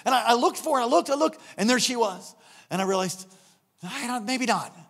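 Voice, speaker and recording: A middle-aged man preaching a sermon, telling a story and acting out the voices in it, building up to shouts. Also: very high-pitched, fast, vocal fry, slight background noise. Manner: animated, acts out voices in anecdotes, rising to shouts. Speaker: pastor.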